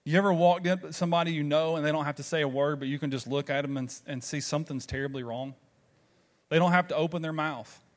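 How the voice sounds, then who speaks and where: A man's voice: a little high, steady tone, fast. A man with a Southern American accent preaching a sermon, telling stories conversationally and throwing rhetorical questions to the congregation. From Southern United States. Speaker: pastor.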